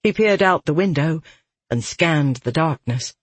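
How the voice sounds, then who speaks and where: Slow, husky audiobook narrator. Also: medium pitch, lively intonation, dry recording. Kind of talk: scripted fantasy narration.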